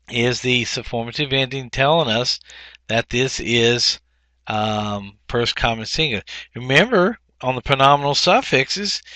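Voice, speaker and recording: A man teaching a recorded grammar lesson, explaining step by step with frequent ums and restarts, and slowing down to sound out words. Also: medium pitch, pushed and bright, dry recording.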